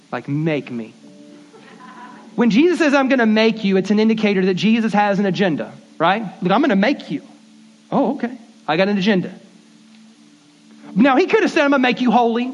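Male pastor, high-pitched, relaxed conversational sermon delivery with stutters and acted-out dialogue; muffled lo-fi recording. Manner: conversational, repeats words, acts out quick dialogues. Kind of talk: casual sermon. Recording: dull lo-fi sermon audio.

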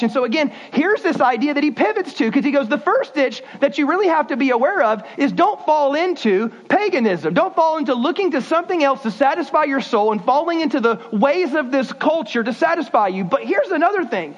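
A man preaching a sermon, animated and folksy, shifting his pace suddenly. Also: extremely high pitch, brisk, few pauses. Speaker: pastor. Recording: dull lo-fi sound.

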